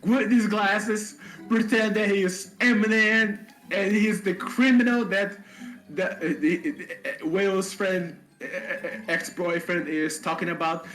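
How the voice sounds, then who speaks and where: A man playing in an improvised tabletop game, rambling and halting in a playful way. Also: sits high, fairly even intonation, a bit bright, roomy sound, poor audio. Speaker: player. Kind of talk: improvised role-play.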